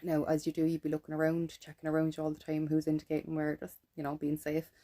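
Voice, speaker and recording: A woman's voice: low voice, monotone, fast, warm tone. An Irish woman in a blunt, ranting monologue to camera, swearing freely and keeping adding "right?" as she tells her story. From Ireland. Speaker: vlogger.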